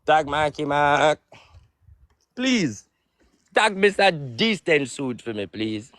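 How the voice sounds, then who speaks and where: A man's voice: on the high side, very animated, takes it slowly, fairly bright tone, dry recording, clean studio sound. A man with a Jamaican accent in a profane, heated live video rant in heavy patois. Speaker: social media personality.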